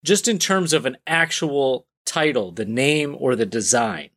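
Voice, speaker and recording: A man's voice: medium pitch, measured pace. A man hosting a comic book podcast, leading the chat with jokes and questions. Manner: animated, joking, asks questions. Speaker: podcast host. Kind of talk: casual chat.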